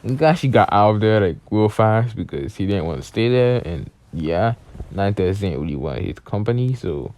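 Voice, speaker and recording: A man's voice: fairly low pitch, lively intonation, normal speed, darkish tone. A young man casually retelling a story, rambling along and leaning on fillers as he goes. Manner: rambling, leans on "basically" and "was like". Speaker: channel host.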